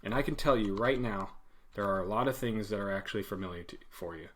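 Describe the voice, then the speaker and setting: A man teaching web coding as an instructor in a casual screen-share lesson, animated and acting out commands in a loud put-on voice. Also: on the low side, fast.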